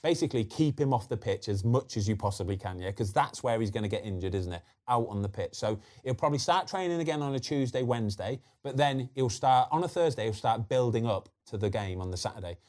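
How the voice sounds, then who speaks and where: A man with a slight lisp hosting a football podcast, chatting in a lively way full of quick asides. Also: medium pitch. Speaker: podcast host. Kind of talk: casual football chat.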